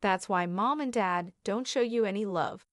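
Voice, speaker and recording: Woman doing a smug little sister, sneery and fake-sweet, mid pitch, dry close sound. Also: moderate pace, no echo, close to an everyday voice. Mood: mocking. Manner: sneering, falsely concerned. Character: smug teenage younger sister, mocking.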